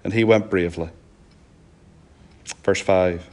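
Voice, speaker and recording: Earnest Northern Irish preacher. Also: male voice, moderate pace. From Northern Ireland. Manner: earnest, pleading, dropping to soft low emphasis. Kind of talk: sermon.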